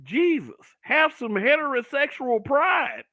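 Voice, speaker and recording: A man's voice: extremely high pitch, expressive, measured pace, pushed and bright, no room sound. A middle-aged man hosting his own online broadcast, ranting bluntly and with heavy profanity. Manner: profane, blunt ranting with mocking put-on voices. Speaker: online talk show host. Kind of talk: brutally honest solo commentary broadcast.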